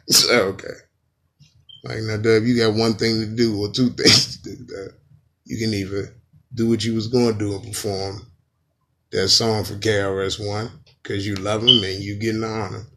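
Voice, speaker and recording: A man's voice: on the low side, level tone, normal speed, bright, forceful tone. A man doing a rambling, profane comedic rant as a podcast host.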